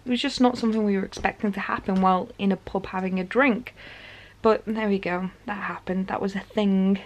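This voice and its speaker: A chatty woman vlogging straight to camera, retelling an evening out in an animated, conversational way. Her pitch sits in an ordinary middle range for a woman, and she speaks with an easy, informal manner. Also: fairly quick, muffled recording. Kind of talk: casual storytelling to camera.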